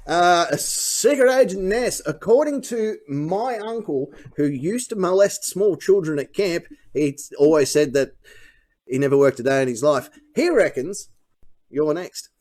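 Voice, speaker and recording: Male comedy host, slightly high voice, laughs at his own jokes, live panel banter. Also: animated, a little slow, a little mellow.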